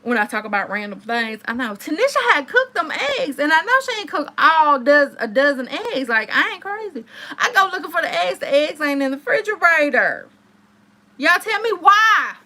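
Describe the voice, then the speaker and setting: Woman in her thirties, live-stream host, bright and somewhat high voice, chatty storyteller talking straight to her viewers. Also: normal speed. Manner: animated, chatty, addresses viewers directly.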